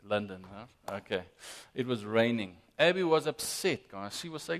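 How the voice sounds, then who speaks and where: A man preaching a sermon as pastor, emphatic and lively, often addressing the congregation directly. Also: a little high, moderate pace. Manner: lively, emphatic preaching with frequent "guys" and "amen".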